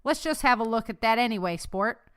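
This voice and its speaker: A woman's voice: fairly high pitch, lively intonation, a little fast, fairly bright tone, clear, resonant tone, voice pushed up. A woman reading as an older male doctor with a German accent, speaking in a friendly, reassuring way.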